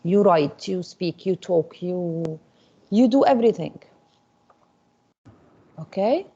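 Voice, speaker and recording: Woman teacher with a mellow, husky voice. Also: lowish voice, lively intonation, takes it slowly. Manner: repeats "Okay?" often, coaxing students. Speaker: English teacher. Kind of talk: classroom teaching. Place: classroom. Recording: dull lo-fi classroom recording.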